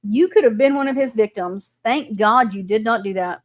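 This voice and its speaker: A woman's voice: a little high, normal speed. A woman host, telling stories in a casual chat. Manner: animated storytelling.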